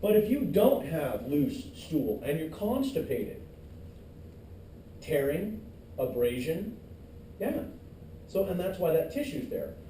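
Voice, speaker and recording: A man's voice: a little high, big pitch swings, slow, long pauses, dark tone, slight background noise. A middle-aged male teacher giving a classroom lecture, quizzing the class and cracking jokes, recorded from far off in an echoey classroom. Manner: joking asides, quizzes the class.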